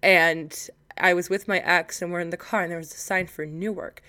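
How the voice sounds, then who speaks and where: A young woman from Illinois co-hosting a casual podcast, telling animated stories with swearing and laughter into a podcast mic. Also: fairly low pitch, moderate pace. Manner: animated storytelling with profanity and laughter. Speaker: podcast co-host. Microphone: podcast microphone.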